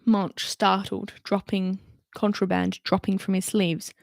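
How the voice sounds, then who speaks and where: A woman's voice: medium pitch, level tone, a little slow, creaky, dry recording, clean studio sound. A woman reading a novel aloud and doing voices for the characters, with chatty asides between passages. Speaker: reader.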